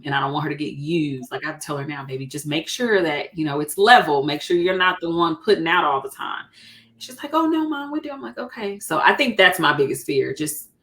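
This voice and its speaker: A woman's voice: low voice, a bit bright. A woman in her thirties, a realtor co-hosting a casual chat, talking openly and laughing often. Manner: chatty, laughs often, acts out quoted dialogue. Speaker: co-host, realtor.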